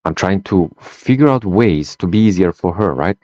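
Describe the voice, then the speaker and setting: Deep-voiced man. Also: moderate pace, no echo. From Romania. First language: Romanian. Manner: animated storyteller, acts out dialogue, tags lines with "right?". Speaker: guest, life coach. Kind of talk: personal storytelling in a podcast interview. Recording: dull, dry sound.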